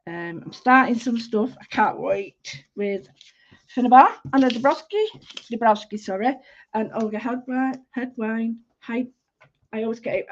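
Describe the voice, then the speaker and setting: A woman with a broad Mancunian accent chats her way through a live-stream drawing lesson, rambling along and calling out viewers by name. Her voice sits slightly high. The audio is dull and lo-fi. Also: a little mellow. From Manchester, England. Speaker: art teacher hosting a live stream.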